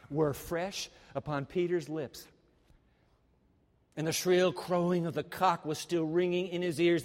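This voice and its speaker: High-voiced dramatic male preacher. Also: in a large hall. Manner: dramatic, swings from loud to hushed. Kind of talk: sermon.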